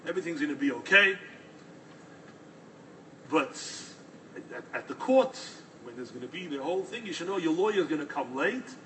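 Calm kindly old rebbe as a man puts him on, highish bright voice, a bit far off the mic. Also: moderate pace, pauses often, slight background noise. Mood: reassuring.

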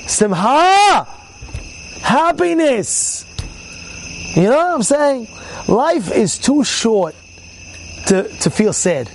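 Brief: rabbi in his thirties, high for a man, punchy repeated questions, faint crickets behind. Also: a little mellow, a little hiss or hum. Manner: repetitive rhetorical questions, checks in with listeners; emphatic bursts on key words. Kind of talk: informal Torah talk. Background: crickets and insects faintly.

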